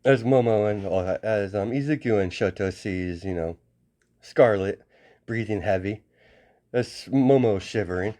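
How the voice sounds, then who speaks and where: A man narrates an improvised fan story, stopping often to restart and correct himself. His voice sits a little low and sounds soft and mellow. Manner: halting, full of restarts and self-corrections.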